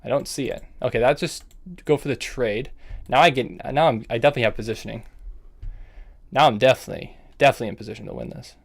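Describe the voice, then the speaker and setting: This man talks fast with vocal fry at a medium pitch while streaming his own online chess game. He narrates each move in clipped half-sentences, fretting nervously at times and scolding himself.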